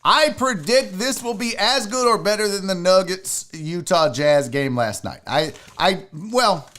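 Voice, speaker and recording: A man's voice: sits high, animated, unhurried, a bit bright. A man hosting a live sports show, ranting casually and profanely while reading viewers' chat.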